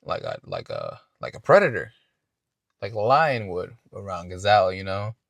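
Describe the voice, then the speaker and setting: Man, low voice, podcast host, casual storytelling, profane, repeats and restarts words, dry close sound. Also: wildly swooping pitch, normal speed, vocal fry, fairly bright tone, no room sound.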